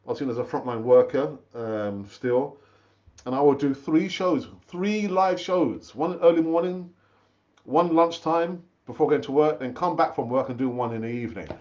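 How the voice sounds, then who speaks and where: A man's voice: mid-range voice, moderate pace, darkish tone. A man hosting a football fan live stream, chatting with viewers, calling them brother and often repeating his words. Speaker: fan channel host. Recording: dull, lo-fi stream audio.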